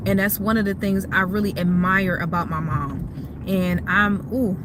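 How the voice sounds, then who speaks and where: A woman speaks casually into her phone from a parked car, chatting with her live viewers about motherhood. Her talk is warm and openly emotional. Traffic noise and street ambience are clearly heard around her. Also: fairly low pitch, moderate pace. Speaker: mom livestreaming advice to viewers.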